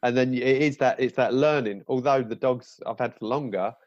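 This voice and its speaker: A man's voice: mid-range voice, moderate pace, no room sound, muffled recording. A man in his thirties, a guest on a casual podcast, talking in a thoughtful, easygoing way.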